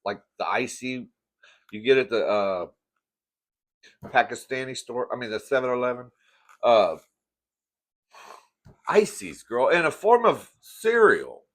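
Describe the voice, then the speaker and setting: A man's voice: mid-range voice, big pitch swings, slow, pauses often. Campy chatty man eating on camera. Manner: chatty and campy, calls viewers "girl", eats between sentences. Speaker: mukbang host. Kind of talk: casual eating-show chat to camera.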